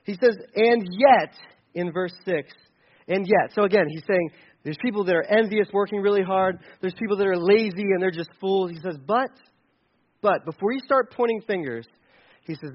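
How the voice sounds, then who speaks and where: A man's voice: sits high, moderate pace, highs cut off, slight background noise. A man preaching conversationally on a Bible passage, rambling and playfully acting out examples. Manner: casual, rambling, with playful acted-out asides. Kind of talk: conversational sermon.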